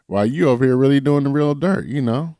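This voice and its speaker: A man's voice: medium pitch, lively intonation, quick pace, mellow, no echo, clean studio sound. A man co-hosting a podcast in casual chat, laid-back and blunt. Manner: laid-back, blunt, calls people baby. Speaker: podcast co-host.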